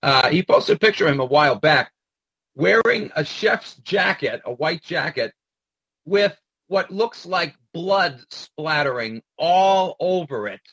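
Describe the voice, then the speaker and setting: A man's voice: fairly high pitch, expressive, a little slow, a bit bright, slightly rough, no room sound, poor audio. A man hosting a commentary show, delivering an indignant, profane ranting monologue full of "uh" fillers.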